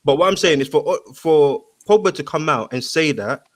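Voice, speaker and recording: A man's voice: a little high, moderate pace. A man arguing about football in a casual panel chat, full of slang and restarts. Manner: animated, slangy, interrupts and repeats himself. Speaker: football pundit.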